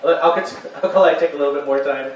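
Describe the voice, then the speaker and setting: A man's voice: a little high, quick pace, lo-fi sound. A man performing live comedy on a convention stage, chatting in a self-mocking way and singing a parody song. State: feeling unwell. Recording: distant mic, very echoey hall, noisy.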